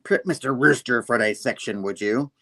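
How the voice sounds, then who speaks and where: A man's voice: mid-range voice, normal speed, a bit bright. A man voicing a haughty, menacing villainess matriarch in a pompous, mock-sweet tone.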